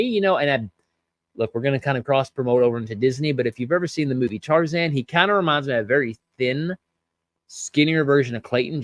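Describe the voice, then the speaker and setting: A man in a medium-pitched voice talks through a wrestling recap in a loose, chatty way, full of fillers and asides. He reads out viewer comments as he goes. The sound is dry and close, with no room around it. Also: dry recording. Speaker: podcast host reviewing wrestling.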